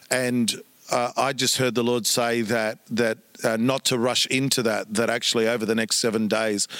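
A man's voice: mid-range voice, level tone, normal speed, a bit bright, no echo. A man, a pastor, earnestly telling stories in a conversation and acting out what people said to him. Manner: earnest, acts out quoted speech. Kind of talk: storytelling in conversation.

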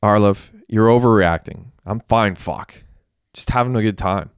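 A male narrator doing a cocky, slightly awkward young guy who cracks jokes, low, clear and smooth, recorded close in a dry room for an audiobook. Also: a little slow, no echo, close to an everyday voice. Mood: casual. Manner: casual, wisecracking. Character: young man, awkward but cocky partier.

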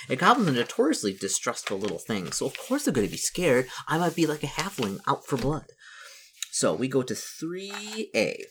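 Very animated and brisk, a man with a medium-pitched, slightly bright voice reads a solo fantasy gamebook out loud and ponders his choices chattily, often correcting himself. A little hiss or hum is audible.

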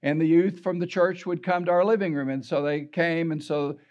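An older pastor preaches a sermon in a fairly high voice. He tells a story from his own life, acts out the people he quotes and repeats words as he goes. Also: steady tone, normal speed, darkish tone, lo-fi sound.

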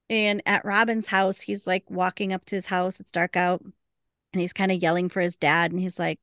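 A woman's voice: lowish voice, fairly even intonation, moderate pace, pauses often, a bit bright, no echo, clean studio sound. A woman co-hosting a podcast, casually retelling a TV episode scene by scene, quoting characters and laughing often. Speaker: podcast co-host. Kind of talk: casual recap chat.

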